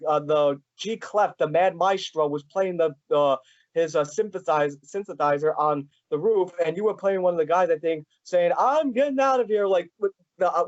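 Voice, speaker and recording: A man hosting a casual fan interview, talking in a rambling, halting way with many restarts. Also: sits high, darkish tone, dry recording, dull audio. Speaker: podcast host.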